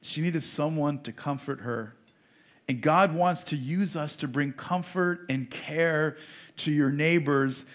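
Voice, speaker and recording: A middle-aged man delivers a sermon in a high, light voice. He builds to loud, emphatic declarations, then falls to a soft, quiet tone for a personal story. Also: takes it slowly. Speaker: rabbi preaching.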